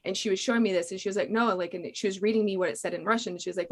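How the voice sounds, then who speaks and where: A woman's voice: mid-range voice, steady tone, very fast, few pauses. Chatty woman host, casual talk. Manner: chatty, filler-heavy storytelling. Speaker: podcast host. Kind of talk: casual chat.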